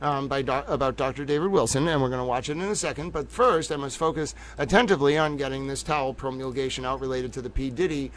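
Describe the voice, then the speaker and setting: A man's voice: medium pitch, fast, few pauses. A man hosting a live-streamed news show in a casual, playful, self-mocking way, giggling and talking to his chat. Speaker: livestream news host.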